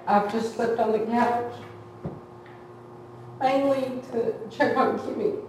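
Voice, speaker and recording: A woman's voice: on the high side, darkish tone, a little hiss or hum. A woman giving a heartfelt, conversational testimony to a church congregation. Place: church hall. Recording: echoey hall from far off.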